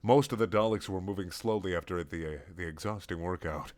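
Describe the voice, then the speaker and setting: A man's voice: low voice, a little fast, darkish tone. A man reading a playful fan story aloud as narrator. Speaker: reader.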